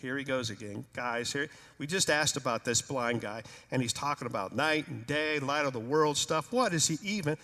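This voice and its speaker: Grumbling, confused disciples muttering low complaints, as a preacher puts them on. The voice carries a long reverb from a church hall. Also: male voice, normal speed, hardly any pauses, pushed and bright.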